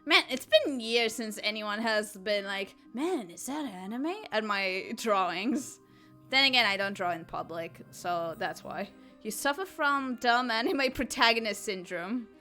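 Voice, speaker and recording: A woman's voice: mid-range voice, animated, unhurried, sharp tone, faint music behind. Giggly woman streamer chatting while drawing. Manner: giggly, laughs often, answers chat playfully. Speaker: art streamer. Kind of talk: casual live-stream chat while drawing.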